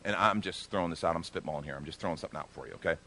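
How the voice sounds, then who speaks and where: A middle-aged male pastor giving a conversational sermon, joking in asides and swelling loud for emphasis. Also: low voice, rapid-fire, a little hiss or hum.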